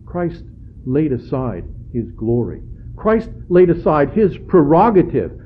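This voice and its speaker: A man preaching a sermon in a church, earnest and halting, rising in pitch on key phrases. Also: big pitch swings, slightly rough. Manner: halting, frequent uh and restarts. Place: church sanctuary. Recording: tinny phone-like church recording.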